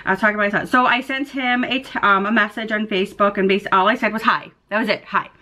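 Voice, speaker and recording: A woman's voice: medium pitch, steady tone, fast talker, pushed and bright. A middle-aged woman vlogger chatting casually at home, telling a long rambling story full of fillers and quoted back-and-forth. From Southern United States. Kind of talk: casual chat. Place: at home near a window.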